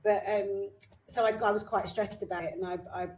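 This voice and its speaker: A woman's voice: mid-range voice, steady tone, fairly quick, a little mellow, slight background noise, rough recording. A woman co-hosting a podcast, talking openly in casual chat with frequent ums and repeats. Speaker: podcast co-host.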